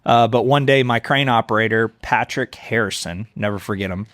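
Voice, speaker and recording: Earnest man with a low, dry voice. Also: a bit bright, no room sound. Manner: earnest, candid, quick to laugh. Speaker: guest, mayoral candidate. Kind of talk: conversational storytelling. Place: on-site in a coffee shop.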